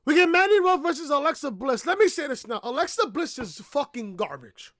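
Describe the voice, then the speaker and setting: A woman's voice: high-pitched, very animated, a little fast, a bit bright, no echo, clean studio sound. A woman reviewing a wrestling show in a blunt, profane rant, repeating herself and barking "woof" between points, on a laptop webcam mic. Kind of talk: profane ranting review vlog.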